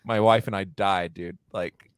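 A man in his thirties in casual podcast chat, animated and laughing, swearing freely. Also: deep voice, unhurried, smooth, dry recording.

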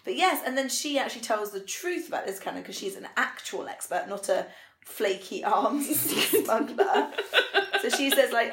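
A woman's voice: a little high, animated, moderate pace, echoey room. A woman co-hosting a podcast, chatting enthusiastically and thinking aloud as she recaps a TV episode. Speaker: podcast co-host. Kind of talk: casual chat recapping a TV episode.

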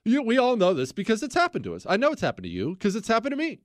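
Laughing high-voiced male talk host. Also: huge pitch swings, rapid-fire, no echo, studio quality. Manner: laughs a lot, rambling and sarcastic. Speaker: radio talk show host. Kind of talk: casual talk radio monologue.

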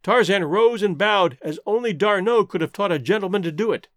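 A man narrating a classic adventure novel in an expressive, theatrical reading. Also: high-pitched, a little fast, no room sound, studio quality. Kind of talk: audiobook narration.

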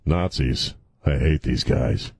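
A man's voice: a bass voice, slow pace, gravelly, a little mellow, breathy edge, no echo, clean studio sound. A middle-aged man hosting a radio talk show, joking loosely and provocatively and laughing often. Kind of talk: casual radio banter.

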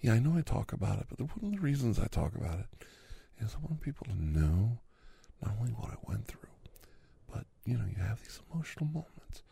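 A man hosting an ASMR podcast in a whispered role-play, rambling softly between a low voice and a whisper, recorded close in a quiet room. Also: sing-song, fairly quick, vocal fry, breathy edge. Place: quiet room near railway tracks.

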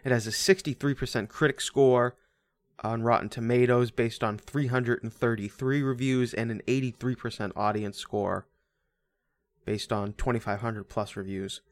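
A man co-hosting a podcast, chatting casually about a movie with quick jokes, asides and frequent laughs. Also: mid-range voice, fairly even intonation. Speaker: podcast co-host.

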